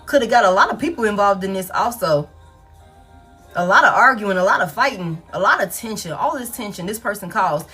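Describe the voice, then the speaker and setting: A woman's voice: medium pitch, expressive, a little fast, bright, forceful tone, faint music behind. A woman reading tarot in a casual, blunt monologue, swearing often and repeating phrases for emphasis. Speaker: tarot reader. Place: home setup, soft music playing behind her.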